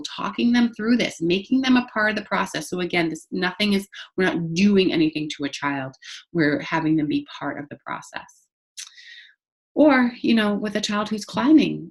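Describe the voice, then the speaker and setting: A woman's voice: medium pitch, moderate pace. A woman giving a recorded training talk to childcare staff, speaking conversationally to the camera with many fillers and restarts. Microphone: facing the camera.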